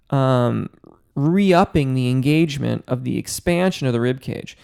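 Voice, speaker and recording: A man's voice: fairly high pitch, gravelly, a little mellow, clean tone. A man hosting a live Q&A as a vocal coach, reading viewer comments aloud by name and explaining singing technique in a casual way, close to the mic. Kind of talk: live-stream Q&A, casual chat. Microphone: close studio mic.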